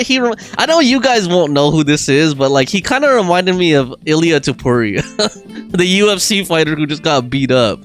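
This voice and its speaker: A young man hosts a casual game stream, reading dialogue and viewer comments aloud between his own jokes. His slightly high voice leaps all over the place, and he breaks into laughter often. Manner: animated, laughs often, reads game text and chat aloud.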